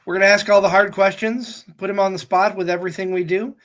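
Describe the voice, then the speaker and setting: A man's voice: high voice, fairly even intonation, quick pace, fairly bright tone. Upbeat man introducing a podcast guest. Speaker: podcast host. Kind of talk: casual interview hosting.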